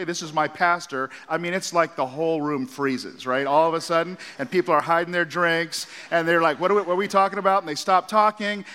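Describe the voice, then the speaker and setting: Bright-voiced pastor preaching in a hall. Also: male voice, high-pitched. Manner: storytelling, animated asides. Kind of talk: sermon. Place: church auditorium. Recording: long hall reverb.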